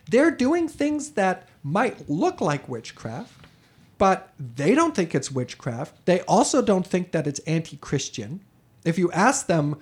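Animated man telling history. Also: on the high side. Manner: animated, chatty, self-correcting. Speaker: podcast co-host. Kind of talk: casual conversational storytelling.

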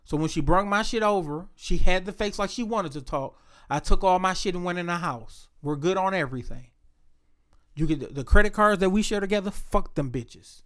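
A man spins a personal story in a relaxed conversational chat. His voice sits a little higher than most men's. He talks bluntly and swears freely, acting out the quotes with lively energy. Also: fairly quick. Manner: profane, blunt, animated retelling.

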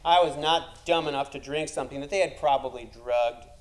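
A man's voice: mid-range voice, a little fast, rough recording. A man telling a comic personal story, wry and self-deprecating, building to punchlines.

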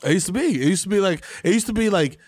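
A man in casual comedic banter, slangy and quick to laugh. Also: high-pitched, expressive, a little mellow, slight background noise.

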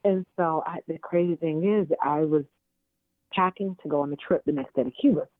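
A woman, telling her story as a guest in a casual chat, animated and full of restarts and fillers. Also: on the low side, normal speed, no room sound. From American South. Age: 40s. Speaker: interview guest. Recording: tinny dry phone line.

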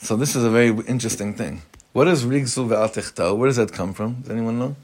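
Rabbi teaching an informal class. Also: male voice, medium pitch, racing. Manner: conversational, mixes Hebrew terms into English, asks the room questions.

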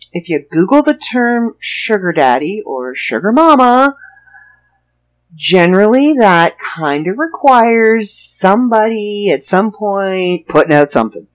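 Woman, author and host, casual storytelling, wry, sarcastic, laughs often, very animated pitch. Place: lives in Florida.

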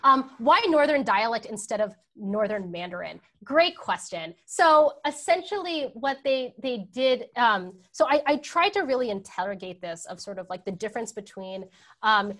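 A woman's voice: on the high side, lively intonation, moderate pace, fairly bright tone. A woman scholar answering audience questions in a talk, thinking aloud with many fillers and tag questions. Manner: hesitant, many ums and rights. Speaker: guest scholar. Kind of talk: academic Q&A answer.

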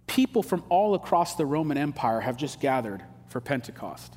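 A man's voice: mid-range voice, very animated, moderate pace, hardly any pauses, darkish tone, slightly rough. A pastor preaching a sermon in a casual, emphatic way, dropping slang asides as he explains scripture. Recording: long hall reverb.

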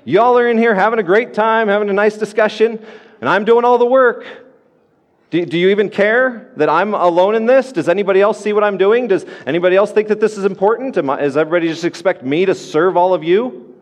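A man's voice: sits high, lively intonation, measured pace, in a large hall, pitched above the performer's own voice. A man voicing a frustrated, overworked woman who complains in exasperated, pleading questions.

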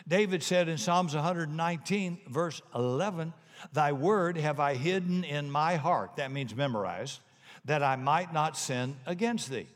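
A man's voice: a little high, measured pace. A man preaching a sermon in a folksy, punchy way, telling jokes and little stories. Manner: folksy, punchy, animated storytelling. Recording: long hall reverb.

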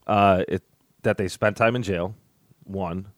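A man's voice: sits low, fairly even intonation, measured pace, no echo, clean studio sound. A man in his forties chatting casually as a podcast co-host, rambling and laughing at his own jokes. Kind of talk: casual chat.

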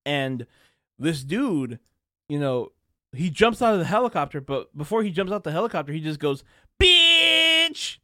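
A young man hosts a podcast as a casual solo rant, crude and quick to laugh. His pitch swings widely as he acts out the people he quotes, and his voice sits a little high for a man. The sound is close and dry, with no room around it. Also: expressive, dry recording. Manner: ranting, laughing often, crude. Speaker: podcast host.

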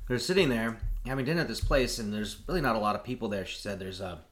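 A man's voice: medium pitch, fast talker, a bit bright. A man co-hosting a podcast, telling a long story in casual chat with many fillers. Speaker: podcast co-host.

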